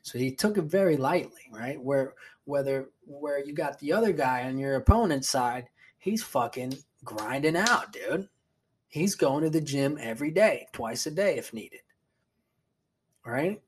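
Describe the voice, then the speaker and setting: A man's voice: medium pitch, lively intonation, unhurried, slight background noise. A man hosting his own podcast alone, rambling casually, swearing a lot and restarting sentences. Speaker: podcast host. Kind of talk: solo casual chat.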